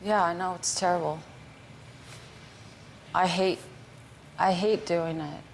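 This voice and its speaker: A woman's voice: fairly low pitch, steady tone, takes it slowly, slight background noise. A woman on a talk show arguing defensively and in exasperation with her husband. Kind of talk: heated marital argument.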